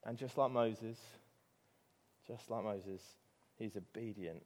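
A man's voice: lowish voice, slow, darkish tone. A man with an English accent preaching a sermon, telling a story with animation and rising to emphatic peaks.

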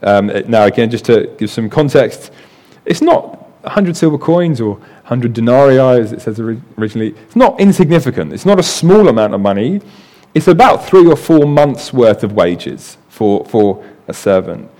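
A man's voice: mid-range voice, sing-song, normal speed, warm tone. A man preaching a sermon in a conversational way, often adding "right" and repeating words as he explains.

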